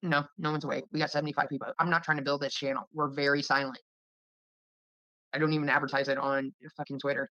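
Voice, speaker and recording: A woman's voice: sits low, little pitch movement, fast talker, pushed and bright, no room sound, dull audio. A woman chatting casually and rambling, laughing and swearing as she talks. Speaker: streamer chatting with viewers. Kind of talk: casual livestream chat.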